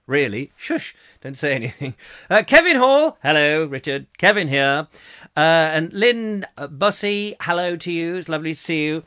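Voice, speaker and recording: A man chats his way through a live show, rambling and joking with theatrical emphasis. His bright voice swoops up and down a lot, and he often laughs at his own jokes. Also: on the high side. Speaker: host reading live chat comments.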